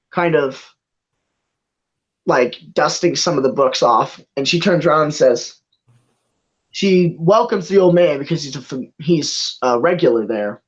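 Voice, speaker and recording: A game master narrating a tabletop game in a laid-back way, laughing often and dropping into quick character voices. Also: mid-range voice. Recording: dull lo-fi mic.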